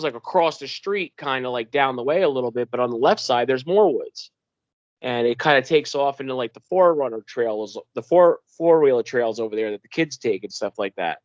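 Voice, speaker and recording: A young man from New York telling a wilderness story in an animated way, acting out the voices of the people in it and using lots of fillers. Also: mid-range voice, dry recording. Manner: animated, acts out quoted dialogue in a raised voice, many fillers. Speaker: guest telling his encounter. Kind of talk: casual storytelling interview.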